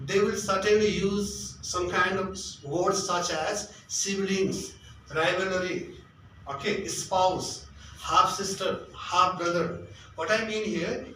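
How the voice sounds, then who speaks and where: A man's voice: sits high, a bit bright, a little hiss or hum. A man with a Nepali accent giving exam tips as an English tutor, repeating himself and asking rhetorical questions he answers himself. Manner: repetitive, asks rhetorical questions and answers them. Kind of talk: spoken tips lesson. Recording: very echoey room, mic at a distance.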